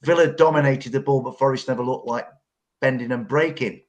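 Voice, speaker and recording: A middle-aged man, chatting on a football podcast. His pitch sits mid-range for a man, and he tells long stories and restarts his words as he goes. The talk is loose and conversational. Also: steady tone, brisk. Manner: long-winded storytelling, repeats words. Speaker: pundit. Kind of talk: casual football podcast chat.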